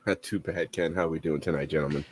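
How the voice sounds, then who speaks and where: Man, caller from greater Boston, very low voice, easygoing, chatty. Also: steady tone, fast talker, darkish tone, slightly rough, no echo. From greater Boston area. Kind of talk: casual call-in chat.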